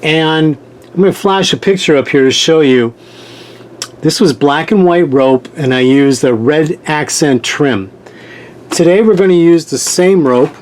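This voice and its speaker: A man's voice: fairly high pitch, measured pace. A man hosting a sewing tutorial, giving patient step-by-step instructions and repeating key points.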